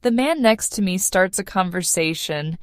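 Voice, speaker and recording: A woman narrating a simple first-person story for English learners, clear and measured. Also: fairly low pitch, expressive, dry recording, clean studio sound. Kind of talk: slow read-aloud story for learners.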